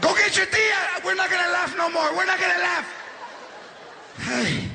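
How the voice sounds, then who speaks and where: A man's voice: very high voice, animated, normal speed, gravelly, noisy background, voice pushed up, heavily acted. A man voicing a middle-aged uncle who moans and whines that he cannot breathe. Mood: pleading. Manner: whining, moaning.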